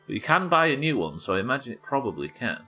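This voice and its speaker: A man's voice: medium pitch, sing-song, fast talker, pushed and bright, soft background music. A man from England, streaming a game live and thinking aloud as he chats with viewers. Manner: muttering to himself, thinking aloud. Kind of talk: live gameplay commentary.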